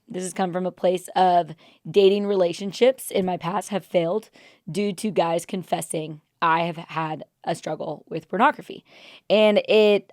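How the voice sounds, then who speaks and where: A woman's voice: medium pitch, no room sound, studio quality. Earnest woman in her thirties. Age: 30s. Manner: earnest, emotional, confiding. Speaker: podcast co-host. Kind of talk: casual chat.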